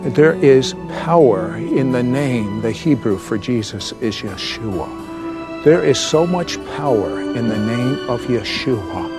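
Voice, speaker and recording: A man's voice: medium pitch, animated. A man hosting a TV program who preaches and leads a prayer, speaking solemnly and repeating his phrases. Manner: slow, repetitive, solemn. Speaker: TV host. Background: soft music.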